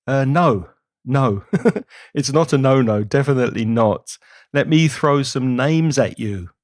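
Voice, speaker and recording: A man's voice: medium pitch, unhurried, no room sound, studio quality. A British man, an English teacher and podcaster, giving encouraging advice in a recorded segment. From Britain.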